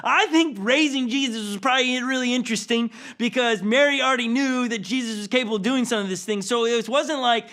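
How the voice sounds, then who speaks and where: A man's voice: extremely high pitch, fairly quick, hardly any pauses, sharp tone. A man preaching a conversational sermon as a pastor, casual and playful, often checking in with "okay?" and filling with "like.". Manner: acts out quoted characters with a chuckle.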